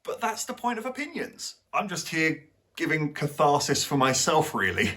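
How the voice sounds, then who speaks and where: A man's voice: fairly high pitch, big pitch swings, normal speed, over music. A young man giving a blunt, sarcastic film review as the host of his channel.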